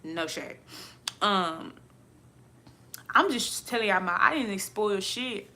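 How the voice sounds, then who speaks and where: A woman ranting to her viewers in a casual vlog, blunt and profane, animated and quick to laugh. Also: mid-range voice. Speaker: vlogger.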